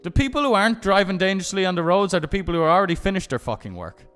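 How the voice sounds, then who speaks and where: A young man live-streaming who rambles through stories and keeps restarting and swearing along the way. His voice sits high for a man. Faint music plays under him. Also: animated, racing, a bit bright, smooth. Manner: rambling, profane storytelling with many restarts. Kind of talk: casual chat.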